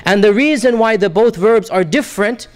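A man's voice: high voice, normal speed. A man teaching a Quran lesson, reciting verses in Arabic and then translating and explaining them patiently, repeating key points. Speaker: Islamic teacher.

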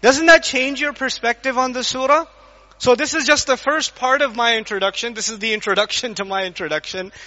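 Animated high-voiced male lecturer, lo-fi. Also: brisk, in a large hall. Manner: animated, acts out scenes and quizzes the audience. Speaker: Islamic lecturer. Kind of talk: lively Quran lecture to a live audience. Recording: dull lo-fi lecture recording.

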